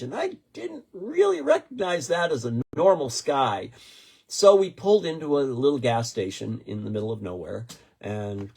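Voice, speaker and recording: A man in his sixties, a podcast co-host telling a story in casual chat, rambling and animated with many restarts. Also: mid-range voice, gravelly, breathy edge. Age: 60s.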